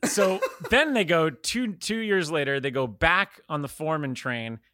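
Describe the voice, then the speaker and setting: A man's voice: a little high, a little slow, sharp tone, a little hiss or hum. Rambling, laughing male podcast co-host. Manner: rambling, laughing, swearing casually. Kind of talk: casual podcast chat.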